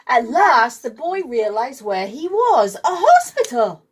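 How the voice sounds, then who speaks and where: A woman's voice: a little high, slow, breathy edge. Playful woman reading a storybook aloud. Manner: playful, lively voices for characters. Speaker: parent reading aloud to a child.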